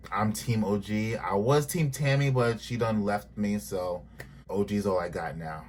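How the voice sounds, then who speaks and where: Male reviewer, lowish voice, sassy and blunt, casual vlog recap. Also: normal speed, darkish tone, a little hiss or hum. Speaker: TV show reviewer.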